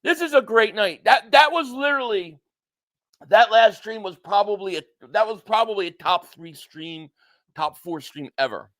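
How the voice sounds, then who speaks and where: High, bright-voiced ranting stream host. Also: male voice, moderate pace. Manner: excitable, blunt, ranting, profane. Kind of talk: live sports reaction stream, reading super chats.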